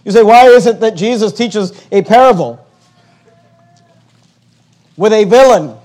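A man's voice: sits high, animated, unhurried, darkish tone. A man preaching a sermon, impassioned, often repeating words as he builds a point. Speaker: pastor.

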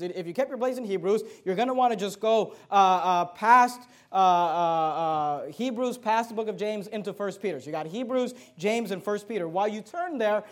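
Guy with a pretty high voice preaching, slow emphatic verse reading, stumbles on uh's and repeats. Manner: emphatic preaching, slows down to read verses, quick asides; repeats words and stumbles with fillers. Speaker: pastor. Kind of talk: sermon.

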